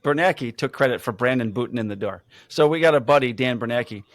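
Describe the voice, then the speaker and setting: A man's voice: medium pitch, dry recording. Dry-sounding man spinning a cop story. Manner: energetic, swearing, quick to laugh. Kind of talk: casual storytelling chat.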